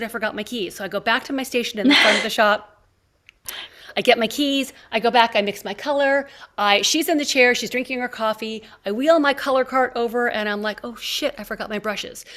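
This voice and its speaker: Lively storytelling woman podcast host. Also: a little high. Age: 50s. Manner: animated storyteller acting out quoted dialogue. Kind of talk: casual conversation, storytelling.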